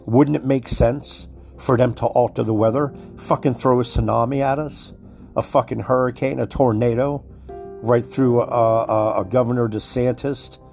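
A man's voice: mid-range voice, fairly even intonation, moderate pace, gravelly, darkish tone, soft background music. A man giving a heated, profane monologue, worked up and repeating himself as he speaks to his listeners. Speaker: commentator. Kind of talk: profane conspiracy rant.

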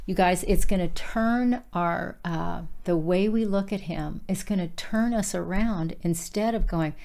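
Earnest woman with a low, mellow voice. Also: measured pace, vocal fry, few pauses. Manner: earnest, conversational, addresses listeners directly. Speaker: Bible teacher. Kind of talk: casual devotional teaching.

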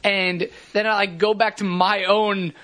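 Bright, high-voiced man chatting casually. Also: level tone, a little slow. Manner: filler-heavy, with lots of "like". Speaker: podcast co-host. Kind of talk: casual comedic chat.

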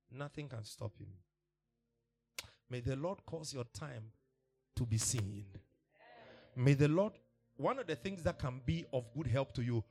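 A man's voice: mid-range voice, darkish tone. A man preaches to his congregation. He speaks emphatically, repeating his points and laughing now and then between them. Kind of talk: sermon.

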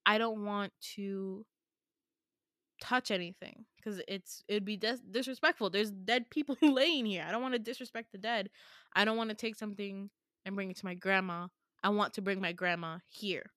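A woman's voice: medium pitch, normal speed, fairly bright tone, no echo, studio quality, lightly acted. A woman quoting a distraught young man in her story, with agitated, repeated questions and her own voice barely changed. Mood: pleading.

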